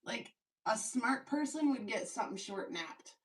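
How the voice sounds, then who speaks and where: Her voice on the high side, husky, and animated, a woman chats at an unhurried pace while making jewelry on a casual livestream. She laughs often and tosses in self-mocking asides as she works, and the recording quality is low.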